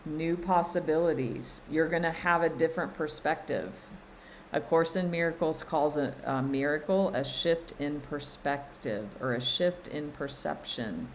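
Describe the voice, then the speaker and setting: A woman's voice: low-pitched, a little slow, slight background noise, poor audio. A woman coaching her listeners on a live stream, speaking in an emphatic way, repeating phrases and often laughing. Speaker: spiritual coach and card reader. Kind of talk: live-streamed spiritual guidance.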